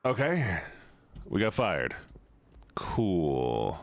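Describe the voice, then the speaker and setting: A man's voice: fairly low pitch, sing-song, normal speed. A man streaming a game live, chatting casually and rambling as he jokes with his viewers.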